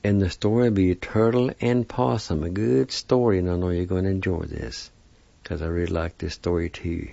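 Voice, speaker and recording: A man hosting a program, introducing the next storyteller in a friendly, measured way. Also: deep voice, steady tone, vocal fry, mellow, dry recording, highs cut off. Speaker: program host. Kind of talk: announcing a story segment.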